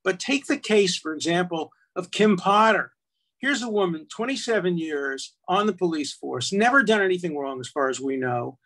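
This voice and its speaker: A man's voice: sits high, expressive, normal speed, fairly bright tone. An older man, an attorney and law professor, arguing emphatically in casual conversation with frequent restarts.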